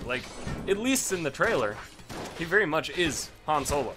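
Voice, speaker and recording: A man's voice: fairly high pitch, big pitch swings, normal speed. Young guy ranting about movies over game music, swears a lot, trips over his words. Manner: ranting, profane, self-interrupting. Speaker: let's play host. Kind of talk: casual gaming commentary.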